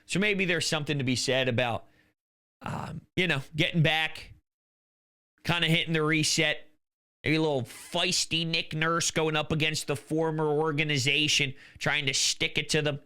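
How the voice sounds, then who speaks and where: Excitable high-voiced male sports host. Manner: rambling, excitable, gets worked up. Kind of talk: casual solo sports talk.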